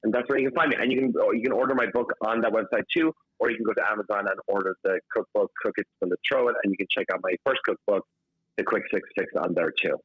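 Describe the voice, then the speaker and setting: A man's voice: on the low side, quick pace, breathy edge, dry recording. A man, a guest chef, chatting casually in an interview and filling his talk with "like", heard over a dull remote line. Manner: chatty, heavy use of "like".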